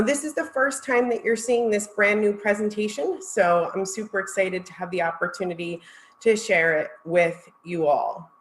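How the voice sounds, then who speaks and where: A woman's voice: mid-range voice, a bit bright, reverberant, poor audio. A woman presenting at a virtual conference, heartfelt and close to tears as she thanks her audience. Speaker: marketing executive presenter.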